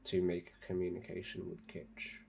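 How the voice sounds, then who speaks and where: A man playing his character in a tabletop game, hesitant and unhurried, with fillers. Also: low-pitched, monotone, gravelly, darkish tone, breathy edge. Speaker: player.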